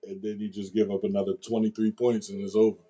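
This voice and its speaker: A man hosts a casual radio show in a husky, dark voice, joking in loose street slang. He keeps checking in with his co-host with "you know what I mean?" as he riffs. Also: fairly low pitch, little pitch movement, fast. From Chester, Pennsylvania, USA. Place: small radio studio.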